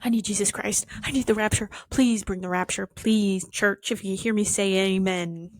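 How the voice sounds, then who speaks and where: A woman's voice: mid-range voice, fairly even intonation, moderate pace, dry recording. Rambling, profane young woman vlogger. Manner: profane, rambling, self-mocking. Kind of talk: casual rambling monologue.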